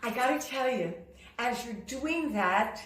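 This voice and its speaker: A woman vocal coach teaching a singing lesson, talking in a lively, demonstrative way and breaking into sung and shouted examples. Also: a little high, a little slow. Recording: roomy sound, slightly distant from the mic.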